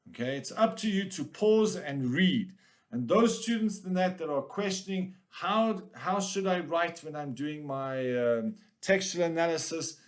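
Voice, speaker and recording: A man teaching an exam revision lesson with lots of energy and jokes. His voice sits a little higher than most men's. He is direct and punchy when he gives instructions.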